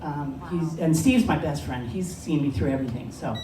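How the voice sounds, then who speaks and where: A woman's voice: sits low, normal speed, mellow. A woman telling a personal story at a live story slam, conversational and often laughing. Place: bar lounge stage. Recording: echoey lounge, distant mic, background noise.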